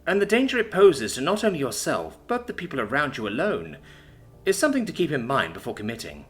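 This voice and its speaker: A man's voice: mid-range voice, wildly swooping pitch, fast, a bit bright, pitched above the performer's own voice. A man voicing a seasoned female soldier, matter-of-fact and wry, sometimes stern. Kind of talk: audiobook character voice.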